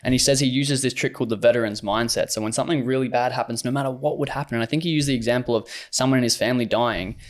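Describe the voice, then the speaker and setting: A man's voice: mid-range voice, fairly even intonation, racing, few pauses. A man co-hosting a podcast, talking in a reflective, earnest way in casual chat. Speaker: podcast host.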